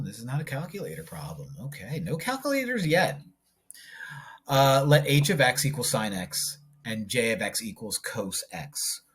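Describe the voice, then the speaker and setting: A husky, medium-pitched male voice teaches a math lesson on video. He talks himself through every step while drawing graphs, joking around and tossing in playful asides.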